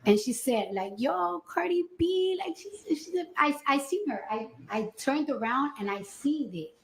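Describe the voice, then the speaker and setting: A woman testifying as a witness, retelling events in a lively, slangy way with acted-out quotes. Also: high-pitched, normal speed. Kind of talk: courtroom testimony, storytelling. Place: echoey courtroom. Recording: echoey courtroom with faint noise.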